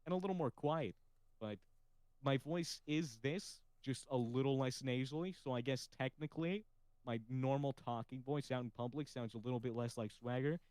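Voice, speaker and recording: A man's voice: medium pitch, moderate pace, a little mellow, clear, resonant tone, no room sound, poor audio. Slightly nasal chatty man hosting. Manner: chatty, swears casually, laughs often. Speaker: podcast host. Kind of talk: casual podcast chat.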